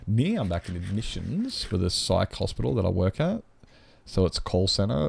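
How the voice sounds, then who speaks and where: A man's voice: deep voice, gravelly, darkish tone, slight background noise. A man with an Australian accent chatting casually on a game live stream, rambling and joking and swearing freely.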